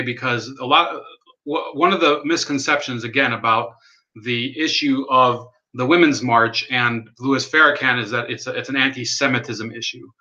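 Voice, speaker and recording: A man talks in a loose, rambling way on a live stream, dry and sardonic, dropping swear words and answering his chat. His voice has a forceful, bright edge. The sound is dull and lo-fi, like a cheap computer mic. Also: medium pitch. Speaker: livestream host. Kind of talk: casual political livestream commentary.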